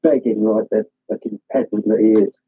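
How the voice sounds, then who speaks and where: A man's voice: lowish voice, little pitch movement, brisk, slightly rough, no room sound. A man with a British accent joking crudely in a casual voice-call chat. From United Kingdom. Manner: banter with crude jokes. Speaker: call participant. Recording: tinny call audio, dry.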